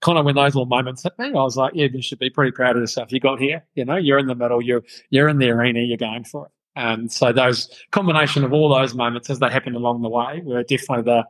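A man's voice: medium pitch, steady tone, fast talker, few pauses, a bit bright, poor audio. A man, a podcast guest who tells stories casually, laughs often and swears freely. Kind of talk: casual storytelling interview.

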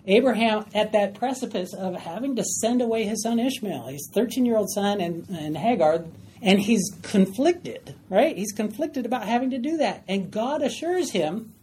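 A woman's voice: mid-range voice, lively intonation, moderate pace, dark tone, slight background noise. A woman teaching a Bible study class, emphatic and often questioning her group.

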